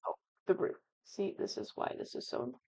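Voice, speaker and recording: A young woman from the Midwest chatting animatedly while building a house in a game, with excited exclamations. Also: fast, no room sound, rough recording. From American Midwest. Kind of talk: casual gaming commentary.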